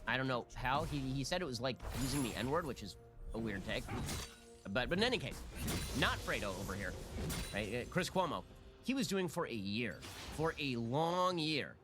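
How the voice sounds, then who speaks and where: A man hosting a political commentary show, sarcastic and mocking in his rapid-fire delivery. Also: medium pitch.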